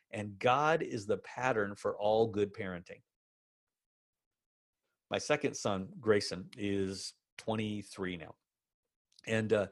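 A middle-aged man preaching a sermon, telling a personal story with animated bursts and slow, emphatic phrases. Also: medium pitch. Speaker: pastor.

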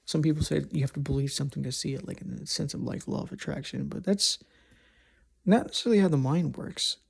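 A man's voice: on the high side, quick pace, gravelly, slightly rough. A man talking alone on a casual podcast, thinking aloud and rambling with frequent restarts. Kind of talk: casual solo monologue.

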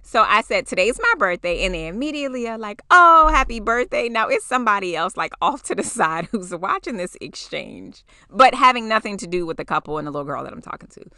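Animated woman in her forties telling a story. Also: mid-range voice, quick pace, hardly any pauses, dry recording, clean studio sound. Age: 40s. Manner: animated, swears freely, acts out quotes. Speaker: podcast host. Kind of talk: casual storytelling.

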